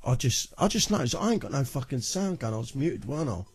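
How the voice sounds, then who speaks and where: A man's voice: mid-range voice, sing-song, quick pace, breathy edge. A man hosting a music live stream, swearing constantly, first squaring up to a heckler and then musing aloud to his chat. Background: loud music.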